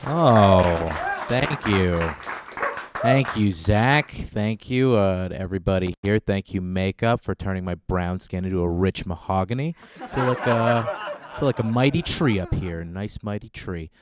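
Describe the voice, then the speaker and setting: A man doing a stand-up comedy set on stage, laid-back and deadpan with lots of ums. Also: deep voice, normal speed, a crowd in the background, background noise. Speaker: stand-up comic. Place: comedy stage before live audience.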